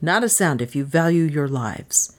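A cold, commanding male burglar barks short threats in a storybook, read by a woman. His voice stays deep and low. Every order is stern and clipped. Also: expressive, moderate pace. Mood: menacing.

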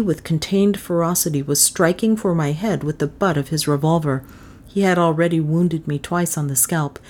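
A woman narrates a classic novel as an audiobook, reading in a measured, even storytelling style. Her voice sits on the low side.

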